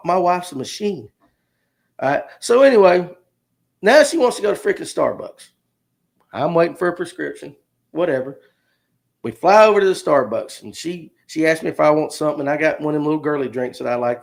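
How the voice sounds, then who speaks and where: A man's voice: fairly high pitch, gravelly. A man, hosting a livestream and telling a rambling, jokey story straight to his viewers. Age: 50s. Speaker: podcast host.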